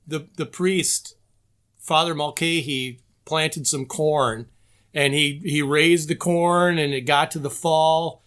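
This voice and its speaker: A man's voice: on the high side, fairly even intonation, slow pace, fairly bright tone. A man guesting on a podcast, telling stories about old episodes in casual chat. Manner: storytelling, enthusiastic recollection.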